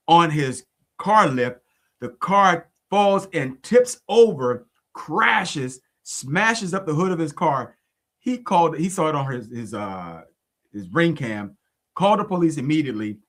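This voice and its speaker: A man co-hosting a faith podcast who tells stories in an animated, indignant way. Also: a little high, slow pace. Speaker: podcast co-host. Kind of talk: casual storytelling chat.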